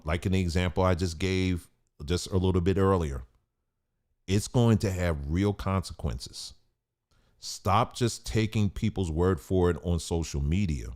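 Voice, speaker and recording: Low-voiced man giving preachy commentary. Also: darkish tone. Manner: preachy, emphatic, rhetorical. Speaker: host of a commentary channel. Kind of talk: opinion commentary vlog.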